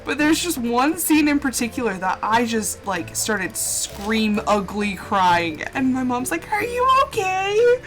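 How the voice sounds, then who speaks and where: Young woman gaming streamer, high bright voice, very expressive, emotional and laugh-prone, game music underneath. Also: measured pace, few pauses. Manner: gushing and emotional, with frequent laughs and exclamations. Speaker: live-streaming gamer. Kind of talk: casual chat while gaming live.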